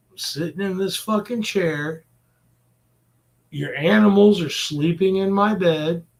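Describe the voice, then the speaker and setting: Gravelly, exasperated man venting. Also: sits high. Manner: exasperated, repetitive, cursing. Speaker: vlogger. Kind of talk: profane venting rant to camera.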